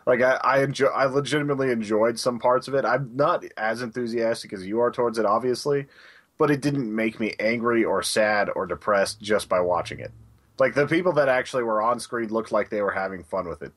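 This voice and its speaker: A man's voice: medium pitch, fairly quick, fairly bright tone. A man co-hosting a podcast in casual chat, laid-back and wry, laughing often. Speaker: podcast co-host.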